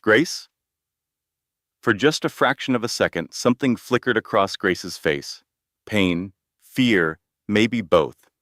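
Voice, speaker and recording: A man narrating a scripted dramatic story in a measured storytelling manner. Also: fairly low pitch, fairly bright tone, dry recording, clean studio sound.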